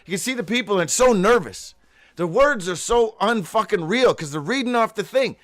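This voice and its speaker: A man's voice: high voice, lively intonation, fairly quick. A man hosting a daily live show, rambling through a profane, free-associating monologue read from his own notes, breaking into sudden whoops. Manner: reads aloud from his own notes, stumbling.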